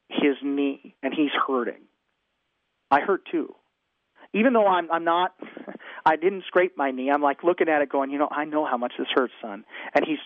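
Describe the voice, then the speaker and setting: A man's voice: on the high side, no echo. Earnest pastor guy on a radio show, keeps repeating stuff for emphasis, thin phone-line audio. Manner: earnest, preacherly, emphatic repetition with restarts. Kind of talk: radio talk show conversation.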